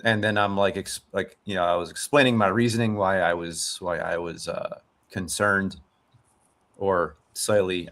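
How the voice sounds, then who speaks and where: Podcast host, thirties man, deep voice, rambly reflective chat. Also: steady tone, a little slow, a bit bright. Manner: rambling, many fillers and restarts, reflective. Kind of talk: casual chat.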